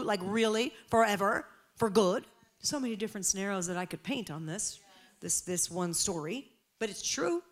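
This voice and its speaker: A woman preaching a sermon with passion, moving from hushed, quiet asides to loud, emphatic exhortation. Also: a little high.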